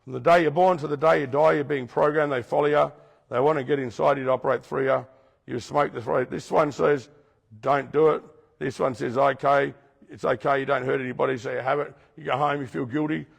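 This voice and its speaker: A man's voice: a little high, fairly even intonation, fairly quick, creaky, husky. A man teaching a recovery group in a preaching style, repeating his points and questioning the audience directly. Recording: long hall reverb.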